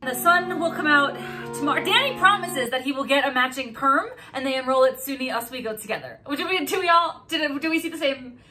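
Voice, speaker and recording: A flustered, insistent woman in a comedy sketch. Her voice is high and bright, with faint music behind. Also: a little fast.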